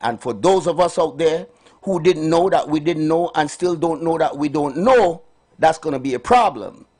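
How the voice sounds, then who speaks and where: A man's voice: fairly high pitch, animated, moderate pace, a little mellow. A man hosting a live morning radio health show, calling out cheerful greetings and giving preachy asides. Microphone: studio microphone.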